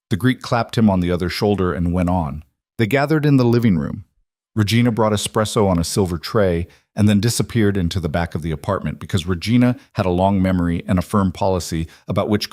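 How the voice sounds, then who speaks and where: Low guy reading a mafia story slow and steady, dry close sound. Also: dry recording. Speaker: narrator. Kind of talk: scripted audiobook narration.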